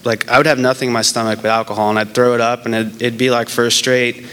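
A young man, casual and candid, telling his own story in a halting, rambling way with many fillers and restarts, and making fun of himself. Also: mid-range voice, little pitch movement, pushed and bright, slight background noise. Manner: candid and self-deprecating. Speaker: person in recovery sharing his story. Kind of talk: casual personal testimony.

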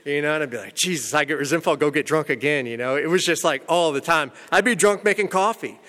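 A man telling his own recovery story in a candid, rambling way, full of "you know" and "man", with self-mocking humor about a dark past. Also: a little high, fast, long reverb tail.

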